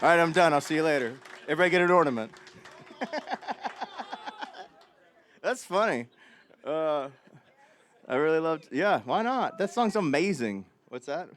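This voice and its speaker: A man's voice: on the high side, expressive, normal speed, pauses often, a bit bright, some chatter behind. A man, a singer-songwriter, chatting between songs at a small live club, telling rambling, joking anecdotes into a stage mic. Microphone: stage vocal mic.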